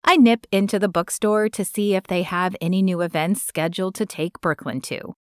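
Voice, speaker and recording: A woman's voice: fairly low pitch, normal speed, dry recording. Woman narrating an audiobook, dry sound. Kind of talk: first-person novel narration.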